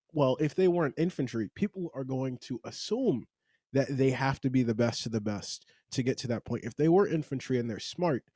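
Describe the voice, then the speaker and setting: A man's voice: medium pitch, warm tone, no room sound, studio quality. A man hosting a casual podcast discussion, talking in a rambling, conversational way with frequent restarts. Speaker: podcast host.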